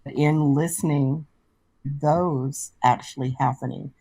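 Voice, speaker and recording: A woman guest in a casual online chat, earnest and thoughtful, pausing as she talks. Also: sits low, fairly even intonation, warm tone, husky, no echo, rough recording. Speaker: guest scambaiter. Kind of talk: casual video-call chat.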